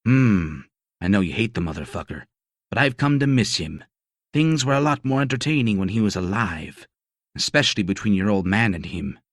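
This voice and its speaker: A man's voice: on the low side, lively intonation, moderate pace, no echo, studio quality. A man voicing a crude, menacing male prosecutor in an audiobook, speaking in a mocking, threatening way. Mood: taunting. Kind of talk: audiobook character voice.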